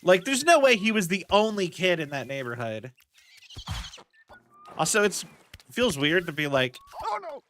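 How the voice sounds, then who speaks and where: A man's voice: sits high, big pitch swings, measured pace, long pauses, a bit bright, slight background noise. A young man streaming a game, chatting casually in rambling tangents and swearing at his mistakes from his home setup.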